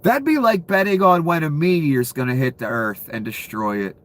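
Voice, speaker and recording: A man's voice: a little high, normal speed, fairly bright tone. A man giving ranting commentary, profane and incredulous, laughing between outbursts. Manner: profane, incredulous, calls the listener "son".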